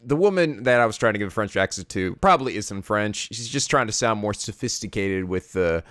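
A man's voice: on the low side, animated, brisk, a bit bright, no room sound, clean studio sound. A man hosting a let's play, chatting casually over a game in a rambling, profane way. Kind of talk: casual gameplay commentary.

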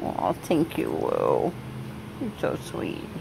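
A woman cooing affectionately at her dogs in drawn-out baby talk. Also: a little high, huge pitch swings, background noise. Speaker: dog owner.

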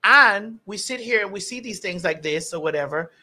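Emphatic bright-voiced woman host. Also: medium pitch, animated, normal speed. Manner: loud, emphatic, repeats phrases for effect. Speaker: podcast host. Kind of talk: casual chat.

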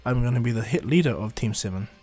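A man voicing a calm young ninja teacher. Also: mid-range voice, fast talker, husky, faint music behind. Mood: friendly.

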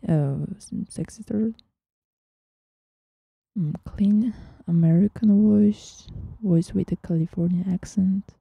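A woman hosting a casual software tutorial, chatting as she works and often dropping into a whisper. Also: lowish voice, gravelly, breathy edge, no echo, highs cut off. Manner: chatty, thinking aloud, often drops to a whisper. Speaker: tutorial host.

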